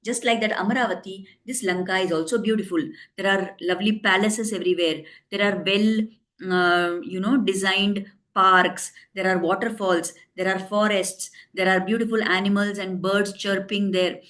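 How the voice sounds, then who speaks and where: A woman tells a devotional story, explaining each step in plain words. Her voice sits at a middle pitch, and she often stops to add a note for her listeners. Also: fairly even intonation, normal speed, fairly bright tone. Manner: explains and retells in simple English, quoting characters.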